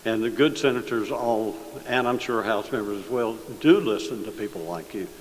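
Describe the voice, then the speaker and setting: A man, a state senator telling an audience a joke story in an easygoing, halting way with many fillers. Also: on the low side. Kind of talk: folksy speech with a joke story. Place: large hall, addressing an audience. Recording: long hall reverb, faint hiss.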